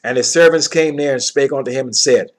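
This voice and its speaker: In a brisk, medium-pitched voice, a man teaches from the Bible. He reads verses aloud, explains them in plain words, and often checks in with his listeners.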